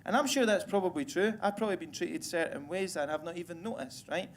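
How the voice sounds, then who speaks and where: A man's voice: high voice, fast, a little hiss or hum. A Scottish man doing a crude, self-deprecating stand-up comedy set on stage, with the audience laughing behind him. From Scotland. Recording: live room with crowd ambience.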